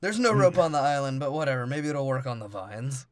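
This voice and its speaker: A man's voice: mid-range voice, big pitch swings, brisk, no echo. Laughing, crude man recapping scenes. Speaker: podcast co-host. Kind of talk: casual movie-review banter.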